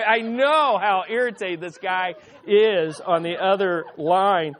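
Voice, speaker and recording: A middle-aged pastor preaches a sermon built around a personal story, restarting often, repeating words, and slowing down to stress key lines. His voice is high-pitched and a bit bright, over a little hiss or hum.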